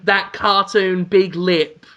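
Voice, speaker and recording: A man's voice: high voice, steady tone, slow pace, sharp tone, lo-fi sound. A man from the United Kingdom co-hosting a podcast, telling a rambling story in a wry, casual way. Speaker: podcast co-host. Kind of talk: casual chat.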